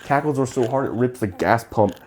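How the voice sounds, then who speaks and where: A man's voice: mid-range voice, lively intonation, a little fast, background noise. A young man co-hosting a casual movie review, retelling scenes with animation and acting out the characters' lines. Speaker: podcast co-host.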